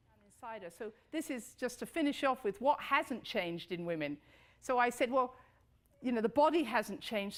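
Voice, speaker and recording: Addressing an audience, a middle-aged woman delivers a lively talk in which her voice climbs high to stress points and sinks to a low, soft register.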